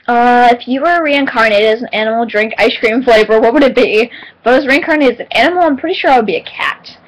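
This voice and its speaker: A teenage girl talks through viewer questions in a loose, rambling vlog, filling pauses with ums and breaking into giggles. Her voice sits a little on the high side and jumps up when she gets excited retelling a story. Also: rough recording. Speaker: vlogger answering viewer questions. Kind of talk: casual chat.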